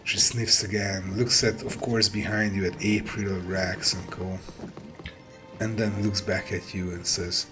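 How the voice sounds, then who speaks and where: A man narrating as game master of a tabletop game, with a halting delivery that often repeats words as he describes the scene. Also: deep voice, little pitch movement, music in the background, low-quality recording.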